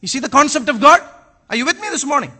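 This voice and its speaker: A man preaches to his congregation in a notably high, very bright voice. His pitch swings widely as he moves between quiet asides and loud, shouted emphasis. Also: animated, quick pace. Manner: preaching with bursts of shouting, mixes in Malayalam phrases. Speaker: pastor. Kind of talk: sermon.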